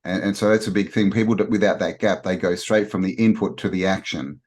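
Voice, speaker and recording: A man in a casual discussion, who talks haltingly and repeats words as he restarts. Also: sits low, fairly even intonation, darkish tone, slightly rough.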